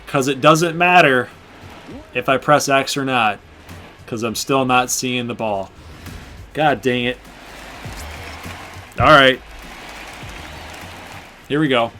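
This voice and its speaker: A man's voice: mid-range voice, takes it slowly, pauses often, pushed and bright, soft background music. A young man hosting a gaming channel, chatting to viewers with casual play-by-play while he plays a baseball video game. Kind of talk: casual gameplay commentary.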